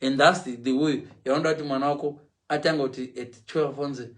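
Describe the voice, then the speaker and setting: Talking fast in a medium pitch, this middle-aged man keeps a live stream casual and lively. He moves back and forth between Shona and English and performs the voices he quotes, even animal noises.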